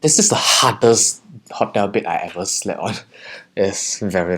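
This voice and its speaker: A man vlogging a casual review of hotel food, wine and rooms, chatty, with frequent pauses and fillers. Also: fairly low pitch, fairly bright tone.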